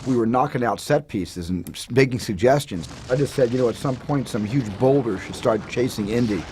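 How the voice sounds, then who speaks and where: A man's voice: medium pitch, a little fast, a little hiss or hum. A man, a film director, recalling his work in an easygoing interview. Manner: relaxed anecdotal recollection. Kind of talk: reflective interview.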